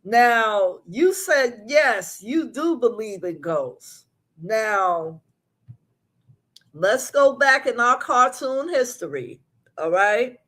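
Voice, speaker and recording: A middle-aged woman hosts a casual live chat from her apartment, talking straight to her viewers. Her voice sits a little high, and she takes her time, drawing each thought out at a very slow pace. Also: expressive, a bit bright. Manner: chatty, talks straight to viewers, drawn-out storytelling. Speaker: host of a live recap show.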